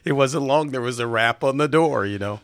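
A man's voice: medium pitch, brisk, no echo. A middle-aged man, a former police officer, telling folksy stories in a casual chat. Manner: folksy, animated storyteller, acts out voices in quotes. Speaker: retired police officer guest.

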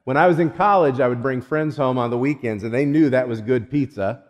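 A man's voice: mid-range voice, brisk. A middle-aged man preaching a sermon, a folksy storyteller who voices the people in his anecdotes and asks the audience questions. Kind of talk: sermon illustration with audience interaction. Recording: long hall reverb.

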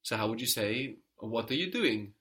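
A man's voice: mid-range voice, lively intonation, normal speed, a bit bright. A man teaching a language lesson, patiently prompting a student and explaining grammar step by step.

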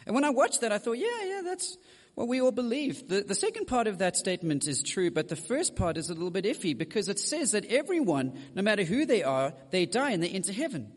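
A male preacher with a high, lively voice that swings up and down as he speaks straight to his congregation. His sermon rings out through a church hall with a long, trailing reverb. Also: fast talker, few pauses. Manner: direct, addresses the congregation with asides.

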